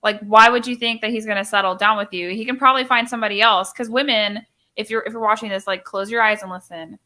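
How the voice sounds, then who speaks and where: Bright-voiced opinionated young woman. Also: mid-range voice, fairly even intonation, fast. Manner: emphatic, opinionated, acts out quoted voices. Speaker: live stream host. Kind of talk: casual live stream chat.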